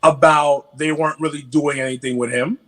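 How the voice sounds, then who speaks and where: A man from New York with a New York accent, a podcast guest in casual chat, animated and stammering through restarts. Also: on the high side, a little fast.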